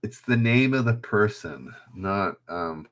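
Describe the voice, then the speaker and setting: A man's voice: fairly low pitch, expressive, slow, fairly bright tone. A man hosting a live trivia stream, reading questions aloud, calling out players and joking at himself in a chatty way. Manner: chatty, self-mocking, reads questions aloud and calls out players. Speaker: trivia livestream host. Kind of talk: casual livestream quiz hosting.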